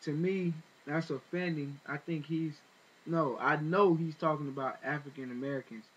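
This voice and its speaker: A man with a fairly high voice retells events in loose, rambling commentary, full of fillers and restarts. His tone turns indignant as he goes. The recording sounds dull and lo-fi. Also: steady tone, moderate pace, husky. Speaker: vlogger. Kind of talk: casual spoken commentary.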